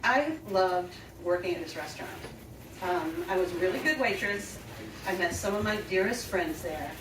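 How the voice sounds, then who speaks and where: An older woman with a fairly low, expressive voice tells a personal story at a moderate pace on a small storytelling venue's stage. She is chatty and self-deprecating and laughs often, and the roomy live recording sounds distant and noisy.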